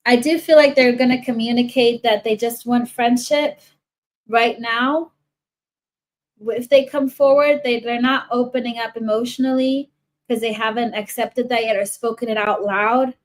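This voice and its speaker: A woman's voice: on the high side, fairly even intonation, moderate pace, low-quality recording. A woman giving a casual tarot reading to viewers, rambling with frequent restarts and asides. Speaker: tarot reader.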